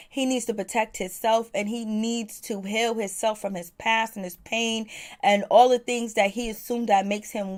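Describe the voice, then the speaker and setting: Her voice is a little high and a little mellow as she casually reviews a TV episode. The commentary is loaded with fillers, and she repeats phrases to emphasize her points.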